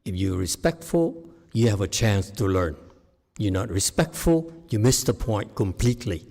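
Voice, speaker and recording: A man teaching as a meditation master in a dharma talk, shifting from quiet murmurs to loud, laughing exclamations. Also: on the low side, lively intonation, normal speed, gravelly. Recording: long hall reverb.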